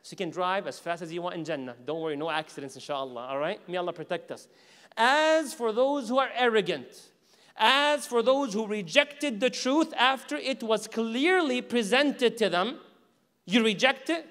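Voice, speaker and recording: A man with a fairly high voice teaches at a mosque in a lively lecture style. He acts out imagined speakers and keeps asking the audience questions. His voice carries a long reverb from the hall. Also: normal speed. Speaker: Islamic teacher. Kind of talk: religious lecture.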